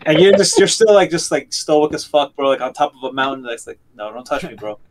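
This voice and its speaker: Guy hosting a podcast, talks fast, slangy, acts out the quotes. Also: fairly high pitch, slight background noise. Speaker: podcast host. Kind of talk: casual storytelling chat.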